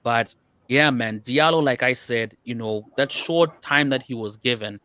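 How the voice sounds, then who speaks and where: Male co-host, medium pitch, chatty and rambling, dry recording. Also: unhurried, pushed and bright, clean tone, no echo. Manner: rambling, frequent "you know" and restarts. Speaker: podcast co-host. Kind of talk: casual football chat.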